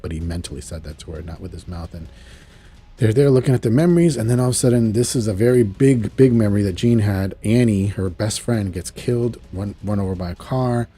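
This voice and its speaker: A man's voice: on the low side, a little fast, mellow, slight background noise. A man casually reviewing and recapping a cartoon episode, chatting loosely and acting out lines. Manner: chatty, retells scenes, acts out quotes. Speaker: show reviewer.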